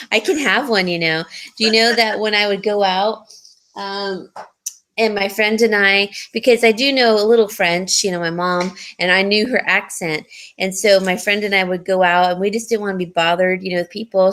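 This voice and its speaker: A woman's voice: medium pitch, fairly even intonation, normal speed, a bit bright. A woman hosting a live jewelry sale, chatting casually and giggling, rambling with fillers. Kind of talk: casual live-stream sales chat.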